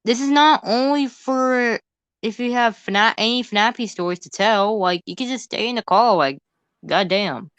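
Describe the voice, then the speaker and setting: A woman's voice: on the high side, moderate pace, a bit bright, smooth, dry recording. Blunt, bossy woman hosting a call. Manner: blunt and bossy, swearing casually. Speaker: stream host. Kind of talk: casual call chat. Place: online voice call.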